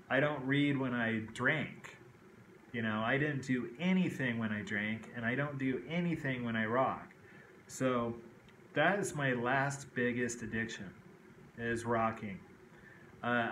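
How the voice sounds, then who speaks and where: A man talking casually to his viewers at a middle pitch, rambling from one thought to the next. The room sounds echoey, with a faint hum of ambience behind him. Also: a bit bright. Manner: rambling, frequent "okay" and "kinda like". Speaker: vlogger. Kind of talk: casual personal talk to camera. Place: indoors at home.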